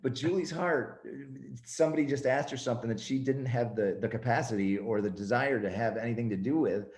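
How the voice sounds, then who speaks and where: A man's voice: mid-range voice, fairly quick, reverberant. A man telling funny, heartfelt stories in a casual chat, laughing often as he talks. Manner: animated storyteller, laughs often. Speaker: motivational speaker guest.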